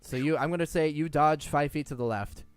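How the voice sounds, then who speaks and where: A young man narrating as game master, lively and quick with small stumbles. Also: fairly high pitch, clean tone, faint music behind.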